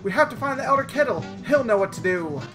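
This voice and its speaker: Cuphead, a gamer doing a high, breathless cartoon boy. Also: expressive, fast talker, fairly bright tone, soft background music, natural voice. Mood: pleading. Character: Cuphead, a young cartoon cup boy, eager and scared.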